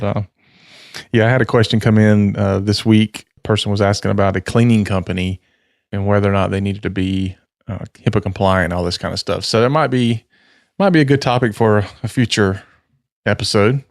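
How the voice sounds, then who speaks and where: A low, gravelly-voiced man co-hosts a podcast, keeping the talk easygoing and light. The recording is close and dry. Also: steady tone, moderate pace, no room sound. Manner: easygoing, laughs often. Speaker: podcast co-host. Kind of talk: casual chat.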